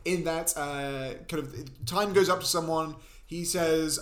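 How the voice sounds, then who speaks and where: Guy with a high voice riffing sarcastically through a movie recap, wanders off on tangents. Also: fairly even intonation, moderate pace. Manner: sarcastic, rambling, goes off on tangents. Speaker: podcast co-host. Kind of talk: casual movie recap chat.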